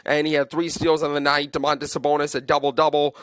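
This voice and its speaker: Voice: medium pitch, level tone, fast, a bit bright, clear, resonant tone, no room sound. A sports podcast host giving an opinionated, emphatic take on a basketball game, repeating points for force. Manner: emphatic and repetitive, hammering points home; fan venting, then reading out game stats.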